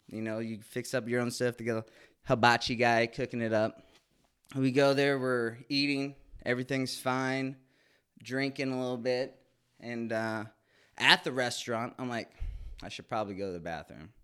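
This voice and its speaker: A man's voice: mid-range voice, fairly bright tone, clean tone. A man in his late twenties telling a candid, crude, comic story with lots of swearing in a casual monologue. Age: 20s. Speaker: podcast host.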